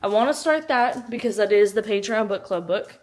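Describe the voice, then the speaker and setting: A woman's voice: mid-range voice, expressive, moderate pace. A young woman chatting casually in a book vlog, bubbly and giggly. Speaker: book vlogger.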